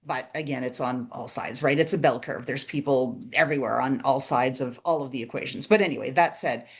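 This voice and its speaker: A woman hosting a podcast, chatting in an animated way and tossing in quick "right?" asides. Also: very deep voice. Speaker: podcast host. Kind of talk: casual podcast chat.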